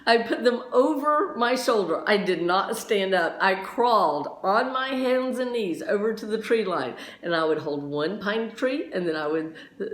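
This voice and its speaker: A woman science teacher telling a lively story during a lesson, laughing often as she goes. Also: medium pitch. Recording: roomy echo.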